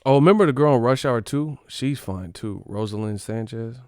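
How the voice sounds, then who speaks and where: A man's voice: mid-range voice, moderate pace, a little mellow, no echo, studio quality. A man hosting a livestream, rambling in casual chat, swearing and laughing often. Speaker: livestream host.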